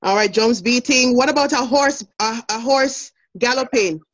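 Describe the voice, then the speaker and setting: Brisk, encouraging Jamaican woman teacher. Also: a little high, dull audio. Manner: brisk, encouraging, laughs often. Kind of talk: online classroom lesson.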